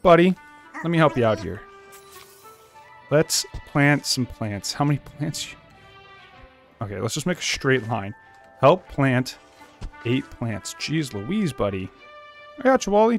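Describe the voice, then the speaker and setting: A man's voice: mid-range voice, lively intonation, slow pace, gravelly, long pauses, soft background music. A man giving casual gameplay commentary, chatting to game characters and calling them buddy. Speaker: let's play host.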